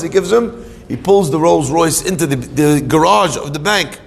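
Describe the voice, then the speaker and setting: A middle-aged man preaches a storytelling sermon to a live audience, with a gravelly voice pitched a little high. He asks questions and answers them himself, mixing Hebrew terms into his talk. His voice rings with the long echo of a hall. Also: lively intonation, moderate pace. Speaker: rabbi teaching Torah.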